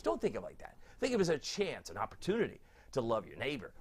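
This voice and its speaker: A man's voice: medium pitch, sing-song, fast talker. A middle-aged man, a TV weatherman, chatting through a live forecast and reading out viewer comments in a sentimental, easily moved way.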